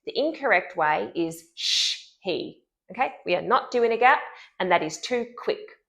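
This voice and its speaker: A woman speech pathologist giving an instructional lesson, clearly and deliberately modeling speech sounds. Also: mid-range voice, animated, fairly bright tone.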